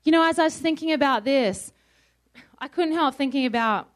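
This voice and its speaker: High-voiced woman preaching a sermon. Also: normal speed. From Australia. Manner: conversational, asks the crowd questions.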